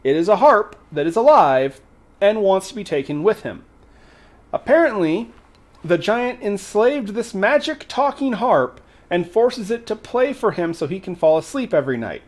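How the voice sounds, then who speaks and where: A man hosting a livestream, retelling a folk tale in a casual way with animated, exasperated banter aimed at the chat. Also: sits high, normal speed. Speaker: host.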